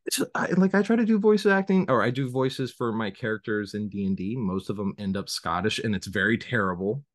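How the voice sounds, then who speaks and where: A man's voice: lowish voice, animated, fairly quick, no echo, clean studio sound. A man with a Southern US accent hosting a podcast interview, chatting casually, self-deprecating, stammering and often laughing. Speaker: podcast host.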